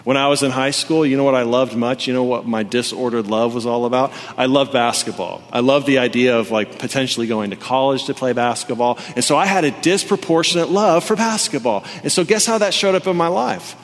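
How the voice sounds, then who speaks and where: A man in his thirties gives a sermon in a church, telling stories in a loose, animated way full of casual fillers. His voice sits at an ordinary middle pitch. The sound rings with the long reverb of a large hall. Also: a little fast, few pauses. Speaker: pastor. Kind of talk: sermon with personal story.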